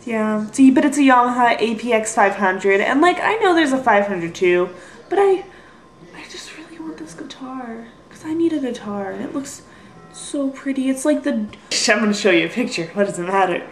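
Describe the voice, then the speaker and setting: Young woman, highish voice, rambling and apologetic, home vlog in an echoey room. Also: expressive, moderate pace. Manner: rambling, apologetic, self-deprecating. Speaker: vlogger. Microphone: built-in computer mic.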